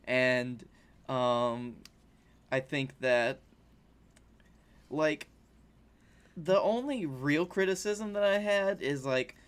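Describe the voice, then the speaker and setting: Man, podcast co-host, slightly high voice, easygoing chat. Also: very slow, long pauses, clean tone. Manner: easygoing, brief backchannel replies. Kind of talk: casual chat.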